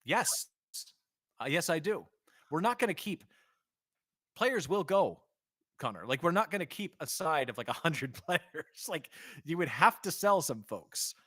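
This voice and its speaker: Lively animated man in football chat. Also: fairly high pitch, dry recording, clean studio sound. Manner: animated, laughs often, quick restarts. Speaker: podcast co-host. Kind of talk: casual football podcast chat.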